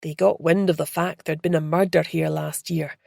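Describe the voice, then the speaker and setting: A woman's voice: deep voice, fairly even intonation, moderate pace, vocal fry, darkish tone, no echo, clean studio sound, heavily acted. A woman reading as a frazzled cheerful tour guide. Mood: weary. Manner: weary, confiding.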